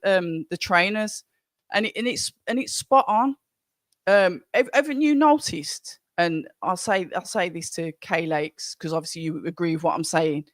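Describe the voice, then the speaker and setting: Doing casual live-stream commentary on a boxing watch-along, a host from Birmingham, England, reads out chat in an easygoing, rambling manner, often restarting sentences. His mid-pitched voice is a bit bright, recorded dry and close with no room echo.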